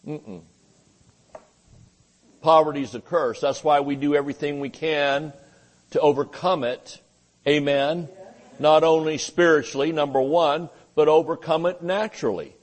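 A pastor preaching with a slightly high-pitched voice. He takes his time, drawing words out slowly, and drops jokes and amens between lines of scripture. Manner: joking, folksy preaching with frequent amens. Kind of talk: sermon.

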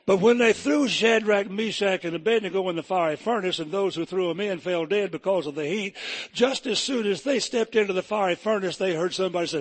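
A preacher tells Bible stories in a folksy, humorous way, with a husky and somewhat high voice. He pitches up when he builds energy and drops low for the characters he voices. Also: brisk. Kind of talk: folksy storytelling sermon.

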